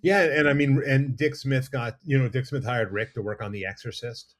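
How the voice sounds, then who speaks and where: A middle-aged man, a makeup effects artist, telling animated, rambling stories as a guest in a casual interview. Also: mid-range voice, normal speed. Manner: animated, rambling anecdotes with restarts. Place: studio or lounge.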